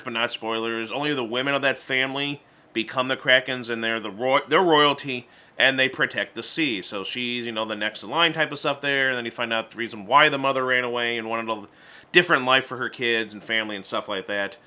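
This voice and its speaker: Male movie reviewer, casual and chatty, restarts a lot, mid pitch, bright edgy tone. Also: fairly quick, smooth. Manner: chatty, stumbling restarts, acts out character lines in voices.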